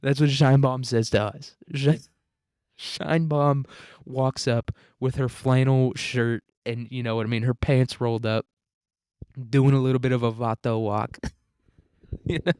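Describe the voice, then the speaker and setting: A man rambling through a crude, casual solo podcast monologue at a medium pitch, often breaking into laughter. His voice sits close to the mic in a completely dry, dead-sounding room. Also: flat delivery, normal speed, a little mellow, clear, resonant tone, dry recording. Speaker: podcast host.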